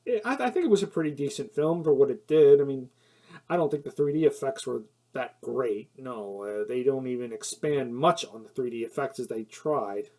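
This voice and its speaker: Rambling man with a mellow voice. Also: mid-range voice, animated, moderate pace. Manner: rambling, with many fillers and self-corrections; laughs at his own points, gets heated when annoyed. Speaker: film reviewer. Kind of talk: casual spoken film review.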